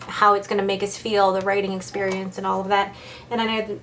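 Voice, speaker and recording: Young woman gushing over an unboxing, chatty, excited, bit of faint hiss behind. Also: medium pitch. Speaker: pen unboxing vlogger. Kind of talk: casual unboxing chat.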